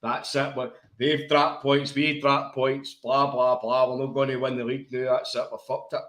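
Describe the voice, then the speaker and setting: A man's voice: medium pitch, level tone, normal speed, fairly bright tone. A Scottish man co-hosting a casual football podcast, full of laughter and sweary banter. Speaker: podcast co-host. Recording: echoey room.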